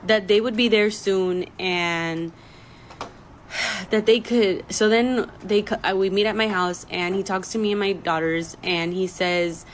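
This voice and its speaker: A woman's voice: lowish voice, fairly even intonation, unhurried, slight background noise, poor audio. A young woman telling a personal story in a casual vlog, emotional and rambling, with many "like" fillers. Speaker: storytime vlogger.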